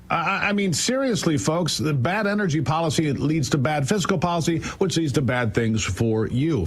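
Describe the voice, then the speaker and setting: A man's voice: on the high side, breathy edge. A man giving emphatic political commentary as a guest on a morning news show, firing off incredulous rhetorical questions.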